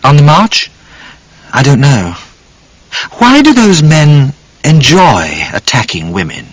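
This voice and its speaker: A man's voice: fairly high pitch, very animated, slow, husky, no echo, heavily acted. A man voicing a young genteel Englishwoman, earnest and shaken, in a storybook reading. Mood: puzzled.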